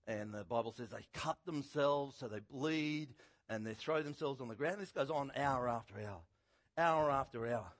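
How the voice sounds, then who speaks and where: A middle-aged man preaching a sermon, telling a Bible story in a conversational, animated way with a husky voice. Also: mid-range voice, normal speed. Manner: animated storytelling, acting out quotes loudly.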